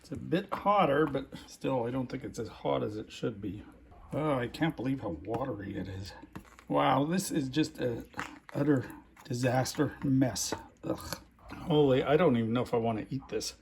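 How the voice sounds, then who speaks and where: A man's voice: mid-range voice, moderate pace, vocal fry, a little mellow, a little hiss or hum. A man from North America giving a casual food review at home in his kitchen, blunt and openly disgusted.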